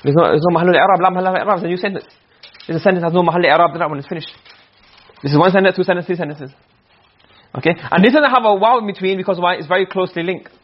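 Rapid-fire and high-voiced, a man reads Arabic phrases aloud to his class and explains them in English during a lecture on Arabic rhetoric. "Okay?" and "you understand?" come up often as he checks on the students; the recording quality is dull and lo-fi.

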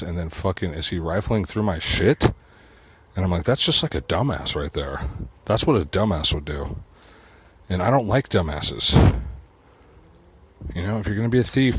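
Low-voiced man in a profane rant. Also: a little hiss or hum. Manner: agitated, swears constantly, mutters to himself. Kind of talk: profane ranting monologue.

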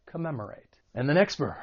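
A man teaching an English lesson, patiently explaining word meanings and modeling pronunciation slowly and clearly. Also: mid-range voice. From United States. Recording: dull lo-fi recording.

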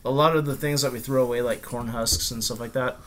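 A man co-hosting and editing a casual podcast chat, hedging and trailing off softly at the ends of his sentences. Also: mid-range voice, fairly even intonation, brisk. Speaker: podcast co-host and editor.

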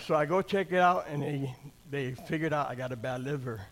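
A man's voice: a little high, brisk. An older man giving a conversational sermon and personal testimony, plain-spoken, often checking in with the congregation and restarting his phrases. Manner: keeps asking the crowd "amen?" and "right?". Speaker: church speaker sharing testimony.

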